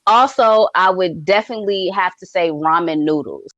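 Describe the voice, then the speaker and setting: A woman's voice: on the low side, normal speed, a bit bright, dry recording, highs cut off. A young woman co-hosting a podcast, chatting in a laid-back, laughing way and calling people "honey" and "girl". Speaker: podcast co-host. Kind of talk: casual chat.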